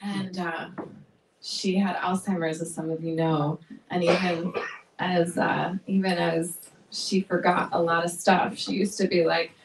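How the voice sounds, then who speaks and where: A woman's voice: lowish voice, flat delivery, unhurried, recorded from a distance, a little hiss or hum. A woman singer-songwriter chatting and joking with the audience between songs at a small live venue, laughing often. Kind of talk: stage banter between songs. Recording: echoey room recording from afar.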